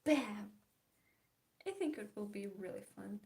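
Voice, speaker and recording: A young woman who makes art videos talks slowly in a warm, medium-pitched voice with vocal fry. She giggles and chats casually as she paints, her sentences sliding into murmured, half-whispered asides.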